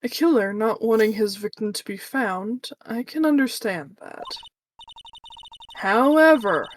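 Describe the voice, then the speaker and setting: A woman voicing a composed young female defense attorney, reading her reasoning in a measured way. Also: a little high, a little hiss or hum.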